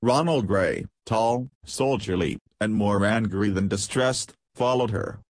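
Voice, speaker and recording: Male audiobook narrator, low and husky, steady delivery. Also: measured pace, no echo. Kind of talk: scripted narration.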